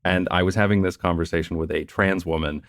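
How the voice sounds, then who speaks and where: A man hosting a podcast, explaining his points in a measured, chatty way and laughing between them. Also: deep voice, steady tone, no echo, studio quality. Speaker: podcast host. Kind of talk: casual interview chat.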